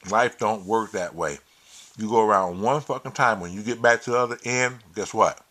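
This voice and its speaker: A man with a lowish voice talks at a moderate pace in a casual vlog monologue to camera. He's preachy and emphatic, swears plenty, and turns loud and heated while retelling stories.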